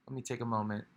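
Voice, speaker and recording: A man's voice: medium pitch, fairly bright tone. A man giving a rambling, reflective monologue for his video, musing aloud with sighs and restarts. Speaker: video creator.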